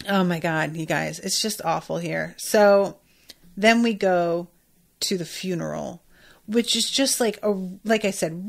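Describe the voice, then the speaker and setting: A woman's voice: on the low side, vocal fry. A woman hosting a podcast, recapping an episode in casual chat with emphatic, exclamatory reactions and frequent swearing. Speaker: podcast host.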